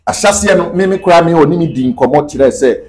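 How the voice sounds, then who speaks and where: A man's voice: fairly high pitch, fast talker, a little mellow, poor audio. A man talking as an interview guest, emphatic and repeating his key points. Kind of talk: casual interview talk mixing Twi and English.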